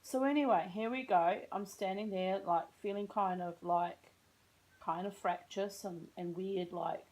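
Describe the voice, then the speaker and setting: A chatty Australian woman telling a story to the camera, rambling and self-mocking as she wanders from one tangent to the next. Her voice sits in an ordinary middle register, and she talks in a loose, unhurried way. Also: mid-range voice, darkish tone, poor audio. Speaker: vlogger.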